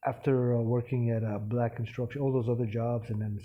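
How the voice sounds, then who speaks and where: A man telling a personal spiritual story in a halting, rambling way, full of restarts and fillers. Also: medium pitch, little pitch movement, muffled recording.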